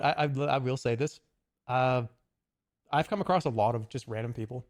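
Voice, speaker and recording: A man streaming, chatting casually and rambling, with profanity and quick asides. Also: mid-range voice. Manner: rambling, profane, slips into goofy put-on voices.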